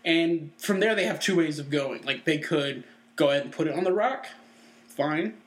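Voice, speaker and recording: A man's voice: a little high, normal speed. A man in his twenties co-hosting a casual chat show, opinionated and full of "you know" fillers. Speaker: co-host.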